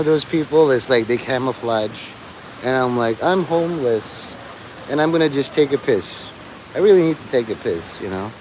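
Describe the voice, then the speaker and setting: A man of middle pitch wanders from thought to thought in a profane, filler-heavy stream monologue. He talks outdoors, with a faint hiss of rain underneath. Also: darkish tone, low-quality recording. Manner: profane, meandering, full of fillers. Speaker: livestreamer. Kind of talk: rambling live stream monologue.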